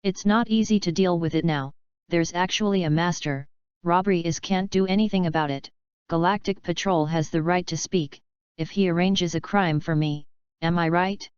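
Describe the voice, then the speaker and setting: A woman's voice: on the low side, moderate pace, a little mellow, smooth, dry recording, close to an everyday voice. Shrewd male fighter's inner voice read by a woman, dull dry audio. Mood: musing. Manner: musing, inner monologue.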